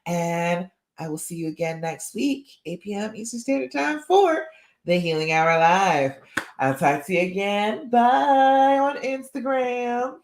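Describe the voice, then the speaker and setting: A woman's voice: mid-range voice, animated, a little slow, echoey room. A woman relationship coach gives a live-streamed talk. She sounds tired and keeps checking in with listeners with "okay?" and "all right?".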